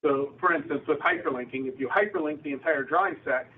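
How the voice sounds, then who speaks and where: A man organizing a user group meeting, explaining software tips in a clear, advisory way with examples. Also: on the high side, fast, slight background noise. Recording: tinny phone-like recording.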